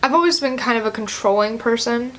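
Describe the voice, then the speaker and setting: A teenage girl of about seventeen vlogs a casual personal story to camera, chatty and loose with lots of "like" and "um" fillers. Her voice is on the high side, a little fast and a bit bright.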